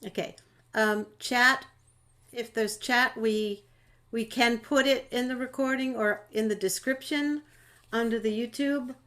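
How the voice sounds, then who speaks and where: A woman's voice: a little high, steady tone, a little slow, fairly bright tone. A woman moderating a panel discussion over a video call, chatty and friendly, with fillers and restarts.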